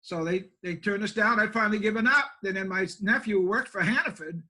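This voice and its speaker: An older man spins a folksy yarn as a country pastor, plainspoken and quick to poke fun at himself. His voice sits high for a man and rings bright and clear. He talks like a down-home storyteller sitting across from an interviewer. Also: rough recording. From Maine, USA. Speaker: pastor and homeless shelter director.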